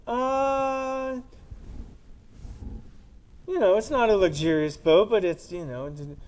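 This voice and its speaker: A man's voice: sits high, slow pace, darkish tone. A man hosting a comedy chat, joking and self-mocking. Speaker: host.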